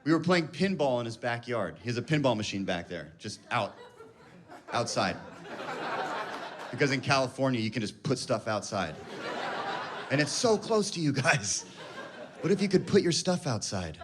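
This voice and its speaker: A man's voice: medium pitch, very animated, moderate pace, pauses often, crowd noise. A man in his thirties telling a rambling, self-mocking story as a stand-up comedian on a club stage. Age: 30s.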